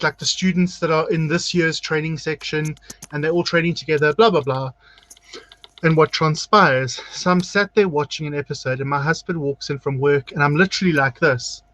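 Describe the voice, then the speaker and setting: A man hosting a relaxed drag talk show, chatting as he paints his face. His voice sits a little high and sounds dry and close to the mic. He tells long stories and acts out the lines of the people in them. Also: normal speed, dry recording, low-quality recording. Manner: chatty storyteller, acts out quotes. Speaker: drag queen host. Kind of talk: casual chat while doing makeup.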